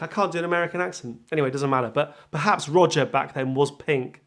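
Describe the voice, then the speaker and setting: A man with a somewhat high voice shares loose first impressions of an album. He rambles in a friendly way and stops to think aloud. He pokes fun at himself as he goes. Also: a bit bright. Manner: chatty, self-deprecating, thinks aloud with pauses. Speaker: music channel host.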